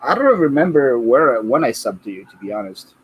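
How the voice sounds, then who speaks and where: A man hosting a casual livestream, with a husky, somewhat breathy voice. He reads viewer comments aloud and laughs easily between questions. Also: mid-range voice, sing-song, brisk, highs cut off. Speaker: livestream host.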